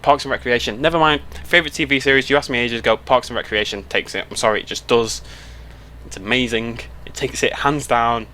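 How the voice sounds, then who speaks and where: A young British man chats to his viewers through a headset mic during a road trip. He rambles and cuts himself off as he talks, in a middle-pitched voice. There is a faint hum of road noise behind him. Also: brisk, pushed and bright. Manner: chatty, rambling, self-interrupting. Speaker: YouTuber. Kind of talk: casual chat to camera.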